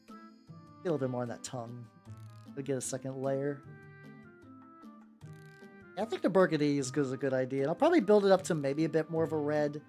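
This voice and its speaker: A man chatting casually on a live stream while painting miniatures, rambling with many restarts, swearing now and then and greeting viewers as they arrive. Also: fairly high pitch.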